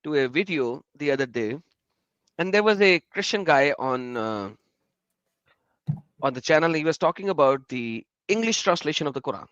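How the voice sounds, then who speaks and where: A man's voice: a little high, moderate pace, dry recording, highs cut off. A man hosting a live stream in casual chat, telling stories animatedly and talking to viewers in the chat. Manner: animated, laughing storyteller who addresses chat viewers.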